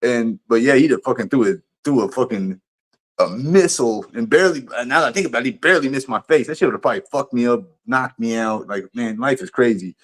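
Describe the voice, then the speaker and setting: A man's voice: medium pitch, a little fast. A man livestreaming, telling a story in a casual, profane, rambling way with lots of restarts.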